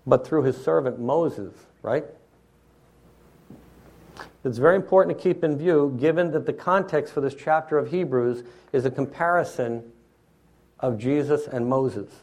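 A man's voice: medium pitch, unhurried, pauses often, a little mellow. A man preaching an expository sermon in a teacherly way, often checking in with his listeners.

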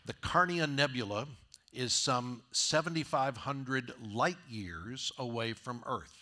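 A man's voice: medium pitch, takes it slowly, sharp tone. A man preaching a conversational sermon as a pastor, often asking his listeners rhetorical questions.

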